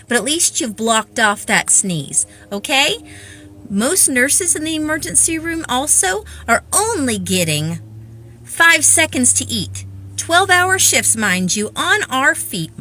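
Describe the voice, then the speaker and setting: A woman's voice: sits high, pushed and bright, no echo. A tired woman emergency room nurse, giving blunt, exasperated advice in an after-work vlog. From Pensacola, Florida.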